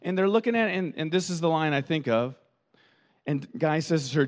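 Animated man preaching a sermon. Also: fairly high pitch, a little fast. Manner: animated storytelling with quoted voices; repeats words while thinking. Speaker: pastor.

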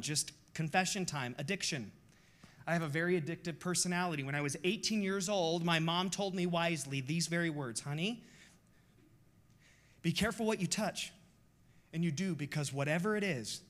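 A man's voice: fairly high pitch, fairly bright tone. A pastor in his forties preaching a sermon in a passionate, confessional, emphatic way.

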